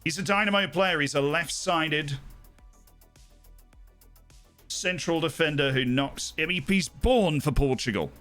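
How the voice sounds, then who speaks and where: A man's voice: on the high side, normal speed, sharp tone, faint music behind. A young man with a posh English accent giving rambling, enthusiastic live commentary on a game he is streaming. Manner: rambling, enthusiastic, self-interrupting. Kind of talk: casual live gameplay commentary.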